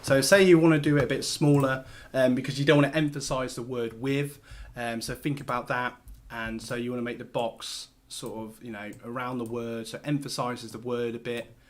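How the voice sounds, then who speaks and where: A man's voice: mid-range voice, level tone, moderate pace. A man hosting a casual screen-share tutorial, talking loosely with lots of fillers and restarts as he works. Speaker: host.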